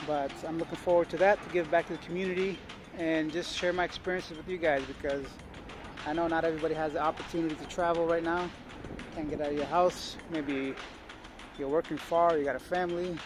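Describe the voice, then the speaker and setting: A young man with a slightly high voice talks loosely to his viewers and the stray dogs around him while filming a walk through old streets. Street noise and passing traffic stay clearly audible behind his voice. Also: fairly even intonation, fast talker. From Canada. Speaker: travel vlogger. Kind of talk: casual walking vlog. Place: outdoors on old city streets. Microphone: handheld camera while walking.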